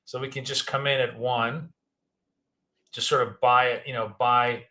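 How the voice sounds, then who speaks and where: Bright-voiced Russian-accented man trading live. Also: medium pitch, little pitch movement, unhurried. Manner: casual, rambling, thinking aloud. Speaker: trading educator.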